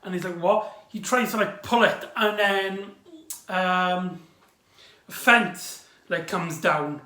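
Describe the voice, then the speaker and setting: A man giving a casual, rambling recap review of a TV episode, excitable and full of exclamations. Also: high-pitched, slow pace. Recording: echoey room.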